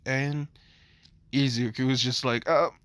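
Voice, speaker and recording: A young man telling a fan story in a rambling, casual way at a middle pitch. He's recorded close up and dry, with no room sound. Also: measured pace, a bit bright, no echo. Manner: rambling, filler-heavy.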